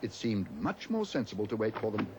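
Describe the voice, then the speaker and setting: A man reading a children's storybook aloud as narrator, gentle and expressive. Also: fairly low pitch, a little fast, slight background noise.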